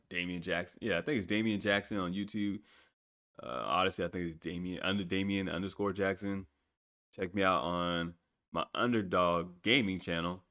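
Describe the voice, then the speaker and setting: A man's voice: low voice, a bit bright, clear, resonant tone. A man hosting his own podcast alone, rambling casually and swearing freely as he plugs his channels. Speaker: podcast host. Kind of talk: casual solo podcast monologue.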